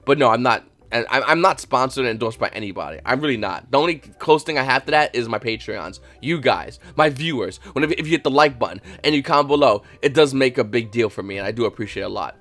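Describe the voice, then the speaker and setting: A man's voice: medium pitch, fast talker, hardly any pauses. A man hosting his own channel, giving casual, rambling advice to viewers and acting out little dialogues. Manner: rambling, with many restarts and fillers; emphatic and animated, acts out little dialogues. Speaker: channel host.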